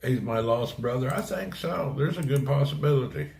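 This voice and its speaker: A man's voice: medium pitch, normal speed, gravelly, darkish tone. A man chatting casually on a live stream, laughing often and answering viewers' comments. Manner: laid-back, laughs often, chats with viewers. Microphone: streaming setup. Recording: roomy echo.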